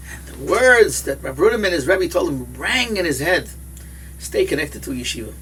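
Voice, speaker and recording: A man's voice: sits high, lively intonation, fairly quick, fairly bright tone, a little hiss or hum. A man, a rabbi and yeshiva head, giving a sermon as emphatic storytelling that repeats key phrases.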